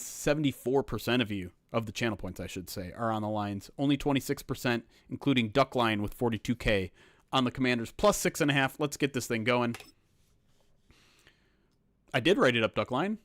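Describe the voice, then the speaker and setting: A man's voice: medium pitch, a little fast, a bit bright, no echo, clean studio sound. A man hosting a livestream as a sports reporter, rambling casually with loose swearing.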